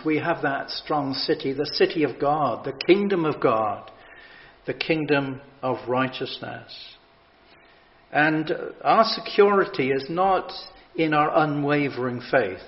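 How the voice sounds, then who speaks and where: A man preaching a sermon, reading scripture with emphatic, measured delivery and dramatic pauses. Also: mid-range voice. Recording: dull lo-fi sound.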